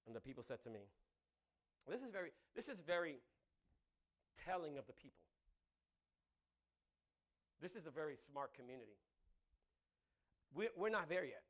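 High-voiced animated male preacher. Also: normal speed, long pauses. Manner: animated, swings from loud exclamations to quiet asides, asks the audience "right?". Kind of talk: sermon.

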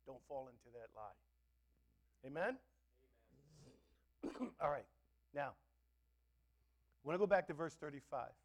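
A man preaches to his congregation in a high, bright voice. He leans hard on key words, then drops to near-quiet asides before building up again. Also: expressive, measured pace, pauses often. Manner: dynamic preaching, swinging between loud stresses and soft asides. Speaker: pastor. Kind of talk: sermon. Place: church.

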